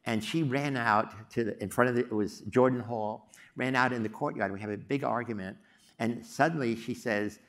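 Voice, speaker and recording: Brief: older male professor, mid-range voice, halting storytelling talk with lots of fillers. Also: mid-range voice, a bit bright. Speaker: psychology professor giving a talk. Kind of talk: storytelling lecture.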